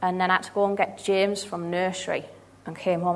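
A woman in her thirties giving a personal testimony at church, earnest and halting, with frequent restarts. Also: fairly low pitch, steady tone, fairly bright tone.

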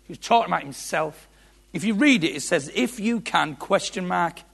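Gravelly preacher man. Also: high-pitched, expressive, a little fast. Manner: impassioned, repetitive, rising to shouts. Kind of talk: sermon.

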